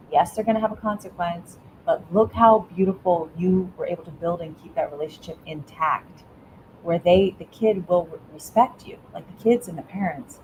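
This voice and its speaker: A middle-aged woman speaks in a fairly low voice, giving earnest advice to parents as an interview guest. She often stumbles and restarts mid-sentence, with a faint rumbling hiss beneath her. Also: low-quality recording. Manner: earnest, warm coaching tone with frequent restarts. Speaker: guest, educator.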